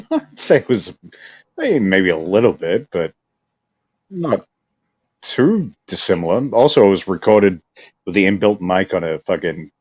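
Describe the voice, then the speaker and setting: A man's voice: sits low, very animated, a little slow, long pauses, darkish tone, slightly rough, no room sound, muffled recording. A man from Australia hosting a podcast, laid-back and self-deprecating in casual chat. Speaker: podcast host.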